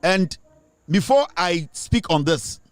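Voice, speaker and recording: A man with a Ghanaian accent delivers forceful, lecturing commentary in a notably high voice. He hammers his points home and slips between English and Twi. The recording is dry and close, with no room sound. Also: lively intonation, slow pace, smooth, no echo. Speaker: online commentator. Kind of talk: impassioned social commentary.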